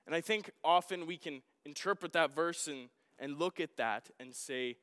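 A man's voice: a little high, moderate pace, hardly any pauses, a bit bright. A man delivering a conversational sermon to a congregation, asking them questions and retelling a Bible story. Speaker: pastor. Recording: long hall reverb.

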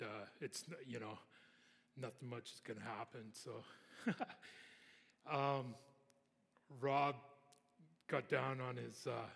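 A young man tells a personal story in a loose, rambling way, often circling back with restarts. His mid-pitched voice has a gravelly edge, and it rings out with a long reverb as if in a large hall. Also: fairly bright tone. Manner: rambling, with many fillers and restarts. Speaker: storyteller sharing a personal testimony.

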